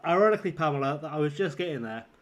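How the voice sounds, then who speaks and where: A slightly high-voiced man with a northern English accent, worn out and a bit scratchy from a sore throat. He rambles through live gameplay commentary, swears freely and teases his chat. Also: animated, very fast. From southern England. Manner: chatty, swearing, teasing viewers. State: tired with a sore throat forming. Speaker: streamer.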